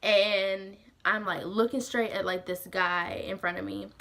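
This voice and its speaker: Bright-voiced young woman telling a story. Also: medium pitch, unhurried, slight background noise. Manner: animated, slangy and profane, heavy use of "like". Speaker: vlogger. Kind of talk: casual storytime vlog.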